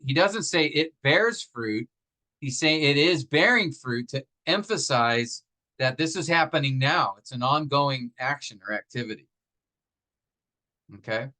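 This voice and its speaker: A man's mid-range voice, pushed and bright, teaches grammar over poor audio. Patiently building the explanation step by step, he asks rhetorical questions to the class, while many fillers and restarts pepper his speech and he slows to stress example phrases.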